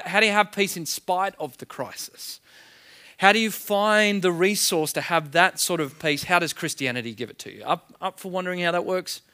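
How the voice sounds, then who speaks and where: Bright-voiced male preacher. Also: fairly high pitch. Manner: conversational, with rhetorical questions and asides. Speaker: pastor. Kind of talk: sermon.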